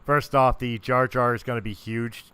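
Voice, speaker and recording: A man co-hosting a casual podcast, relaxed, asking questions and laughing often. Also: mid-range voice, moderate pace, crowd noise. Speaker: podcast co-host.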